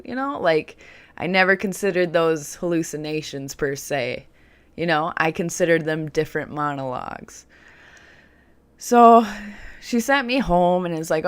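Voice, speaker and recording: A woman's voice: sits low, a little slow, smooth. A woman vlogging, telling a personal story in a candid, chatty way with plenty of "like" fillers.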